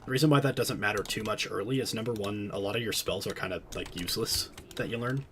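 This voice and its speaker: A man's voice: fairly low pitch, fast, background noise. A man streaming a game, chatting casually and explaining the mechanics as he plays. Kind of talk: casual gameplay commentary.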